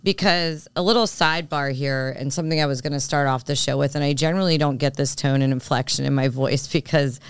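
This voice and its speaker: A woman talks frankly on her podcast, animated and self-assured, wandering into asides as she makes her case. Her voice is smooth and resonant. The sound is dry and close. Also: very deep voice, brisk, few pauses, dry recording. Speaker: podcast co-host. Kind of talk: casual chat.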